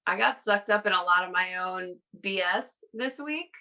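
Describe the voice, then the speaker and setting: A woman's voice: medium pitch, moderate pace, sharp tone, poor audio. A woman on a casual podcast, telling a personal story in a rambling way, laughing between phrases. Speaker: guest.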